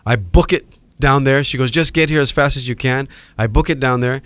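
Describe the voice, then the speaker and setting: A middle-aged man from Hawaii with a Hawaiian accent, telling animated stories as a podcast guest. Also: mid-range voice, brisk, clear, resonant tone, no room sound. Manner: animated storyteller acting out quoted voices. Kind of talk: storytelling in a podcast interview.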